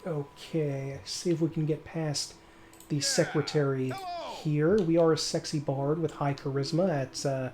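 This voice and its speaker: A man's voice: a little high, steady tone, measured pace. A man casually commenting on his gameplay in a chatty, rambling way, often correcting himself. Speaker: let's play host.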